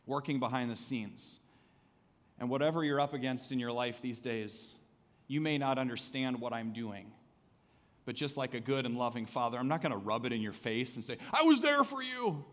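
A man preaching a sermon as pastor, conversational and swinging between soft asides and emphatic calls to the congregation. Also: medium pitch, in a large hall. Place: church sanctuary.

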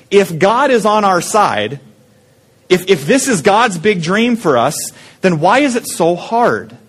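A man preaching a sermon as pastor, talking casually and putting questions to the congregation. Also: a little high. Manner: conversational, asks the congregation questions.

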